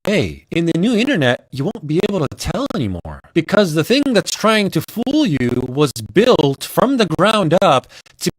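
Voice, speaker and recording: A man's voice: high voice, dry recording, poor audio. A man giving an emphatic, wry monologue in a video clip. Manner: punchy, wry, lively delivery.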